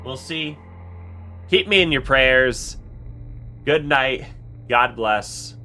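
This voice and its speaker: A man's voice: mid-range voice, extremely slow, bright, forceful tone. A man giving casual let's play commentary, rambling and correcting himself mid-sentence with chatty asides.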